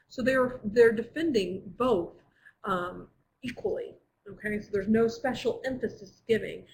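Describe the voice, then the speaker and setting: A woman teaches a Latin class over a computer microphone, talking in a patient, explanatory way with many small pauses and fillers. Her voice sits in a middle register, and a faint hiss hangs behind it. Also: mid-range voice, rough recording. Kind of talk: online class lecture.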